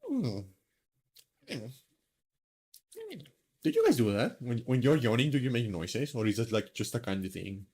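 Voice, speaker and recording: A man's voice: medium pitch, big pitch swings, moderate pace, pauses often, darkish tone, husky. Rambling man streamer chatting alone. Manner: rambling, filler-heavy, self-mocking. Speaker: streamer host. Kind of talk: casual stream chat.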